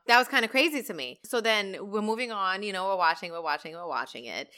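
Bright, fast-talking woman podcast host. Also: medium pitch. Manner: animated, slangy and profane, talks fast. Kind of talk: casual solo podcast rant.

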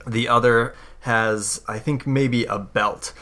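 A man narrating a tabletop role-playing game as game master, halting and full of fillers. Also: mid-range voice, steady tone, pushed and bright.

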